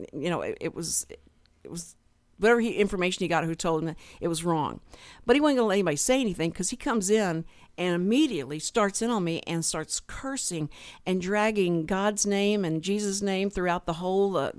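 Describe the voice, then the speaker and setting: A woman's voice: medium pitch, dry recording. A woman co-hosting a community radio show, telling a work story in casual chat and acting out the voices of the people in it. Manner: animated storyteller acting out quoted dialogue. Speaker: radio co-host. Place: radio studio.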